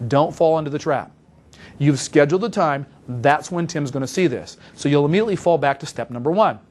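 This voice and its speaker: A man delivers a sales training talk at a rapid clip, his voice sitting a bit high for a man. He sounds brisk and emphatic and repeats key points for stress. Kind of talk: instructional talk with role-played phone calls.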